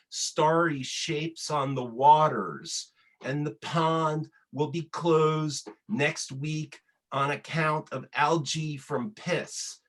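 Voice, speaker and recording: Guy reading a poem real slow, slightly high voice. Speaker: poet reader. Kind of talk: poetry reading.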